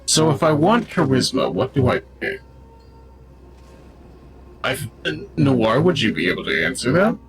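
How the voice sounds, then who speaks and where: A man's voice: mid-range voice, huge pitch swings, a little slow, pauses often, a little hiss or hum. A man streaming a video game, giving casual, jokey commentary and riffing on what happens on screen. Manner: goofy and jokey, riffs on the game.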